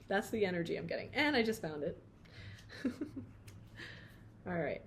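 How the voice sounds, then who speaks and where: A woman's voice: lowish voice, expressive, normal speed, long pauses, a little hiss or hum. A woman doing a pick-a-card tarot reading, chatty and playful, often breaking off mid-thought and laughing at herself. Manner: chatty, self-interrupting, sings snatches of song.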